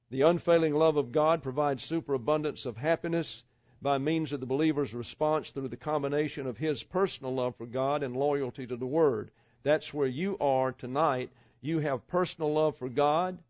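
A man's voice: medium pitch, darkish tone, no echo. Male pastor, sermon delivery, rhetorical questions, lo-fi dull recording. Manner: measured preaching with rhetorical questions and asides.

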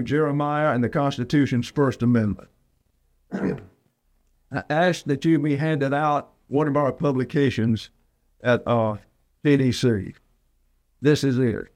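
A man's voice: mid-range voice, darkish tone, no room sound. A man in his eighties from Alabama, preaching a sermon in a folksy, rambling way. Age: 80s. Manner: folksy, digressive storytelling. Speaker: pastor.

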